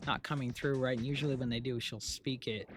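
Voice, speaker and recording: A man's voice: mid-range voice, steady tone, fairly quick. A man who runs a stream chats casually and rambles as he vents to his viewers, often restarting his sentences. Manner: rambling and venting, with frequent restarts. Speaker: streamer running an AI VTuber channel. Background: music playing under the talk.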